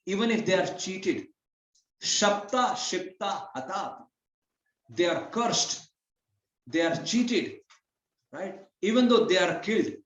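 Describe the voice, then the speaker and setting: A man giving a devotional scripture class, explaining Sanskrit verses phrase by phrase in a lively storytelling way. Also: high-pitched. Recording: roomy, slightly dull hall recording.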